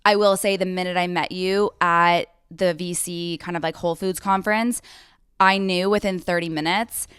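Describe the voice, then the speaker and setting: A young woman podcast host tells her story effusively, scattering "like" as she goes. Her voice sits a little low and comes across smooth and clear. It is recorded dry and close, with no room sound. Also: steady tone, fairly bright tone, dry recording. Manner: effusive, storytelling, quick asides with "like". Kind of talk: casual podcast conversation.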